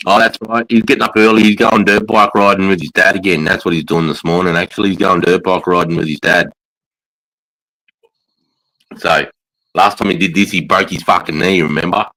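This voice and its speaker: Sweary low-voiced Australian bloke. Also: male voice, fairly even intonation, fairly quick, sharp tone, dry recording, low-quality recording. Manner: profane, storytelling, quotes mates' lines. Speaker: livestream host. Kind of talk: casual chat.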